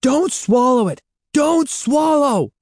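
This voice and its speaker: A man reading aloud and voicing a young boy who talks softly to his dog and yells when alarmed in a storybook. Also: mid-range voice, big pitch swings, unhurried, dry recording, clean studio sound. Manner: soft and gentle at rest, yelling when alarmed.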